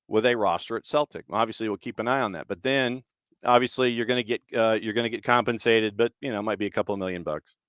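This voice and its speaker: A man hosts a soccer podcast alone, offering casual, opinionated commentary and tossing out rhetorical questions again and again. His medium-pitched voice is smooth, resonant and fairly bright, recorded dry and close with no room echo.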